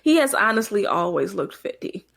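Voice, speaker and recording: A woman's voice: mid-range voice, very animated, normal speed, gravelly, a bit bright. A woman co-hosting a podcast who gives frank opinions and retells movie scenes. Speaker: podcast co-host. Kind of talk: casual movie chat.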